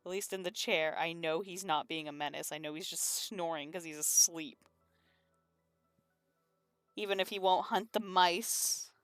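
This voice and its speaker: A woman's voice: lowish voice, measured pace, fairly bright tone, dry recording, soft background music. A woman streaming from her room at home, chatting casually and rambling while she works on comics, laughing often and swearing now and then. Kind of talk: casual chat while drawing.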